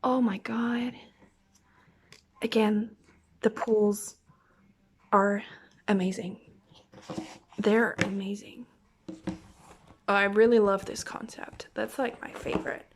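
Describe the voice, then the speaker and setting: A woman's voice: fairly high pitch, a little hiss or hum. A young woman chatting through an unboxing vlog, gasping and counting down before each reveal and often dropping into a whisper. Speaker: vlogger unboxing albums. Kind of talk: excited unboxing vlog chat.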